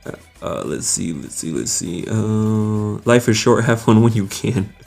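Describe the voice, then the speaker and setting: A man's voice: lowish voice, a little slow, vocal fry, a little mellow, faint music behind. A young man hosting a live stream, casually greeting viewers by name and reading their comments aloud with frequent laughs.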